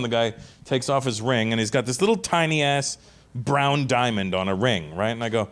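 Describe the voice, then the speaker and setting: A male comedian telling a long stand-up story, lively, often acting out the lines of the people in it. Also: mid-range voice, a little fast. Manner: animated, acts out other people's lines.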